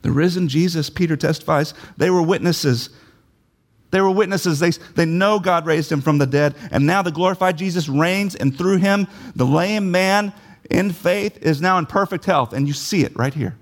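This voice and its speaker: A man's voice: fairly high pitch, moderate pace. A man preaching a sermon, emphatic, repeating key phrases and putting questions to his listeners.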